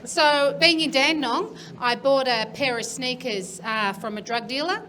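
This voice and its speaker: Playful high-voiced woman joke teller. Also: normal speed, crowd noise, low-quality recording. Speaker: guest comedian. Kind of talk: telling jokes on a comedy show.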